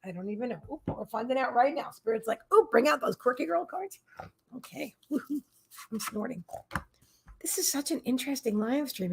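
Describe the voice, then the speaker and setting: A woman's voice: fairly high pitch, vocal fry, a little mellow, slightly rough. A woman hosting a live psychic reading stream, chatting casually and effusively, repeating her thanks and greetings, with frequent restarts and fillers. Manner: halting restarts and many fillers.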